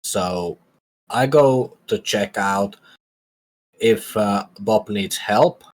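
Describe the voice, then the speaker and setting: A man playing a calm, stoic sneaking expert who speaks in a halting, measured way. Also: fairly low pitch, rough recording. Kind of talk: tabletop game character voice.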